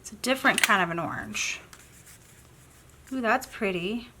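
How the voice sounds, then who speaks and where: Over some background noise, a bubbly woman with a Southern accent chats casually and thinks aloud while leading a painting tutorial as a craft host. Her voice sits in the mid-range and moves at a moderate pace.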